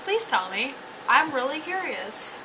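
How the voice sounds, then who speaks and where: A woman's voice: high-pitched, very animated, a little slow, sharp tone, slight background noise, poor audio. A tipsy woman giving a rambling, giggly, profane comic review. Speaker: anime reviewer.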